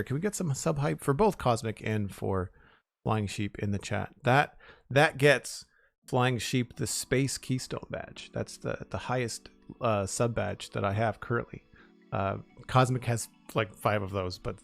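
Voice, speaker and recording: Man, casual live-stream chat, friendly and talkative, middle pitch, soft music behind. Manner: friendly, chatty, thanks supporters by name. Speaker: streamer building Lego.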